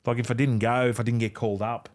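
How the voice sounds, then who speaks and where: A man's voice: medium pitch, level tone, quick pace, darkish tone. Australian man spinning casual yarns. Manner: yarn-spinning, swears freely, acts out other people's lines. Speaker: podcast guest, former rugby league player. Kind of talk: casual storytelling chat.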